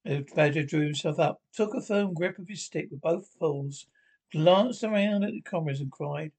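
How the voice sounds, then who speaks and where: A man's voice: on the high side, normal speed, darkish tone, husky, low-quality recording. A man reading a classic children's story aloud, with frequent slips and restarts. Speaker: reader.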